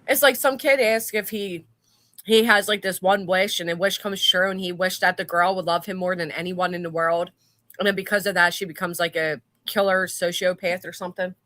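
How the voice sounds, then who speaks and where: Bright-voiced woman chatting on stream. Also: fairly low pitch, fairly even intonation, fairly quick, dry recording. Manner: chatty, swears freely. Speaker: stream host. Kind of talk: casual chat.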